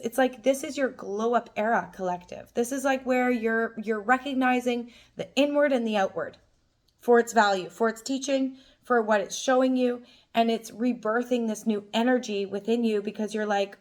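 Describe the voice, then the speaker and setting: A young woman with a slightly high voice gives a spiritual tarot reading to her viewers. She sounds upbeat and affirming, peppering her talk with "like" and "boom" as she lays out card meanings. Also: normal speed. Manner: affirming, enthusiastic, with frequent "like" and "boom". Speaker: tarot reader.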